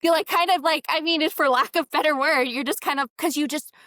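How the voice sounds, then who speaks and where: A woman's voice: high-pitched, fast, bright, forceful tone, no echo, clean studio sound. A woman guest telling her story in a rambling conversational way, full of fillers, and acting out what people said. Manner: rambling, many fillers, acts out quotes. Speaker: podcast guest. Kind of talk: conversational interview.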